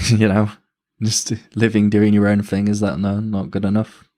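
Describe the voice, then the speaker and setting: A man's voice: fairly low pitch, completely flat delivery, normal speed, mellow. A man reacting live to a video on stream, thoughtful and hesitant, often amused.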